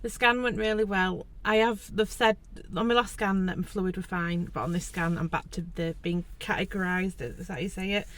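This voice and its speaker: A woman's voice: medium pitch, steady tone, moderate pace, few pauses, a bit bright. A pregnant woman, chatting to camera in a casual vlog, laughing often and teary. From England. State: heavily pregnant, out of breath at times. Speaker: vlogger. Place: in and around a car at a hospital.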